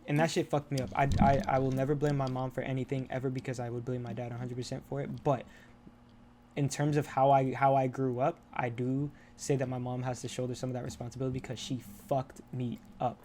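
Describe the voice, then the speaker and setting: A man's voice: medium pitch, little pitch movement, quick pace, mellow, slight background noise. A young man on a podcast, talking candidly and rambling, with lots of swearing and restarts. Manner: rambling, profane, restarts often. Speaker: podcast co-host. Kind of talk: casual candid chat.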